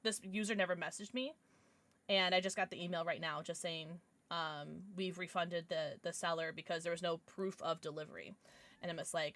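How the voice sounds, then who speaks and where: A woman's voice: lowish voice, fairly even intonation, brisk, a bit bright. A woman streamer chatting casually on a livestream, rambling with frequent restarts and plenty of swearing.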